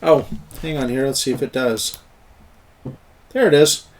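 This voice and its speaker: A man's voice: medium pitch, a little slow. A middle-aged man running an online tabletop game as game master, chatty and explaining, laughing often. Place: at home, online voice chat.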